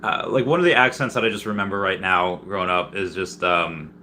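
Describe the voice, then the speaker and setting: A man's voice: sits low, fairly quick, sharp tone, a little hiss or hum. A man from Peru hosting a casual live stream, reading viewer comments aloud and answering them in a rambling way, often restarting his sentences. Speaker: livestreamer answering chat.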